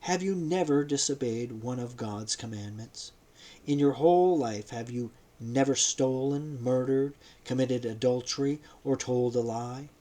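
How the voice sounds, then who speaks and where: A man reading the lines of Jesus in an audiobook, speaking slowly in a tranquil, sad and earnest way. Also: mid-range voice, a little mellow, close to an everyday voice. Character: Jesus, a calm, loving, sorrowful man.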